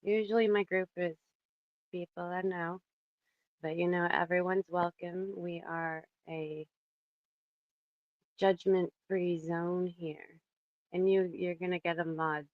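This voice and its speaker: A woman's voice: lowish voice, fairly even intonation, slow pace, long pauses, no room sound, phone-quality sound. A woman in her thirties hosting a casual livestream from her home kitchen, chatting in a rambling way and reading the chat aloud. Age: 30s. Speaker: livestream host. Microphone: phone.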